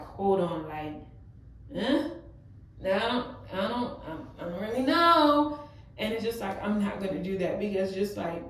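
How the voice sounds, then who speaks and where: A woman's voice: medium pitch, darkish tone, far from the mic. Chatty young woman in an echoey room. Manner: casual, emotional, lots of fillers like "yo, like". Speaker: vlogger. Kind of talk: heart-to-heart vlog talk.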